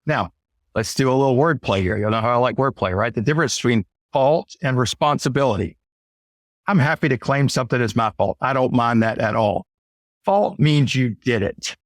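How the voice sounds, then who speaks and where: A man's voice: mid-range voice, normal speed, dry recording, clean studio sound. A man telling a work story as a sales trainer in a casual monologue, blunt and emphatic, with mild cursing and frequent "right?" asides. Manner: conversational, often asks "right?".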